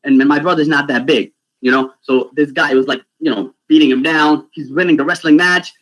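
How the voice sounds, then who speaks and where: A man from Pakistan, telling stories to children in an animated way over a video call and often asking "right?". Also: fairly high pitch, a little fast, low-quality recording. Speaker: youth speaker. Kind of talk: storytelling talk for children.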